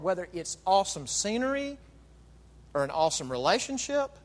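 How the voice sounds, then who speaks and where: A man preaching a sermon as pastor, emphatic, with rhetorical questions and dramatic pauses. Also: high voice, big pitch swings, long reverb tail.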